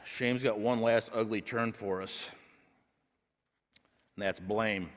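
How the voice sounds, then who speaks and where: Pastor preaching in a reverberant hall. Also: male voice, on the low side, steady tone, slow pace. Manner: storytelling, building to loud emphatic preaching. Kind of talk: sermon. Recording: long reverb of a large hall.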